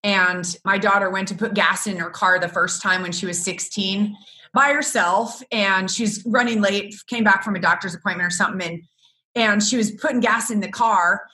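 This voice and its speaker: A middle-aged woman guest and business coach, telling stories in an animated way and laughing often. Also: medium pitch, normal speed. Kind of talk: casual interview chat.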